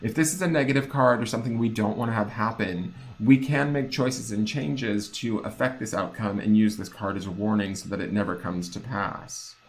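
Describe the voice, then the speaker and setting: A man with a fairly low voice talks through a tarot reading in a loose, conversational way. He hunts for words, leans on fillers and keeps asking whether it makes sense. His delivery lilts upward at times. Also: moderate pace, hardly any pauses. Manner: chatty and searching, full of fillers and checks for understanding; lilting, upspeak-prone delivery. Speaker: tarot reader. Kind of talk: casual spoken tarot reading.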